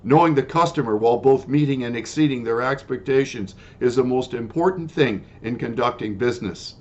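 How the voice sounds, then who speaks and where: An older retired man telling his complaint in a personal monologue, formal and measured at first, then loud and indignant. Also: medium pitch, lo-fi sound.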